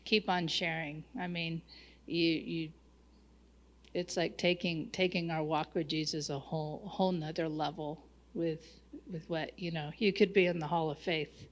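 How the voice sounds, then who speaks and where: Woman giving flat, halting heartfelt praise. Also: deep voice. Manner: effusive, halting praise with many restarts. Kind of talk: casual chat.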